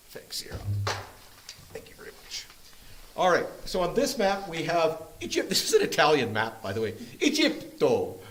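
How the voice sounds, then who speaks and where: A man's voice: a little high, fairly bright tone, a little hiss or hum, poor audio. A man leading a Bible study group, teaching from a map in a playful, joking way. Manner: jokey and playful, often laughing. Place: church meeting room.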